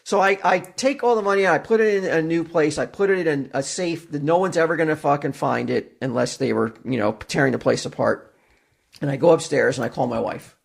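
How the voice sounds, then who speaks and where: A man's voice: fairly high pitch, a little fast, vocal fry, slightly rough. A man on a casual podcast telling a story, swearing a lot and laughing as he goes. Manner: profane, animated storyteller, laughing often. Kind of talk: casual chat.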